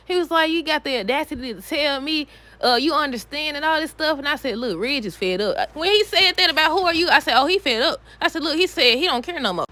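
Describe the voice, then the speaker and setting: A woman giving a casual, animated recap of a soap opera, talking back to the characters with exasperated asides. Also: high voice, no echo.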